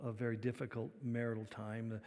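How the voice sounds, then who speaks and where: A male pastor delivering a sermon, swinging between loud emphasis and quiet, reflective passages. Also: mid-range voice, flat delivery, fast. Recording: long reverb of a large hall.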